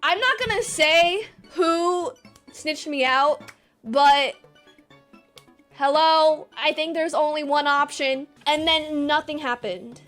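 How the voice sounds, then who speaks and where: Animated high-voiced young woman streamer. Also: takes it slowly, faint music behind. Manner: animated, swears, acts out quoted voices. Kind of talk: casual storytelling to chat.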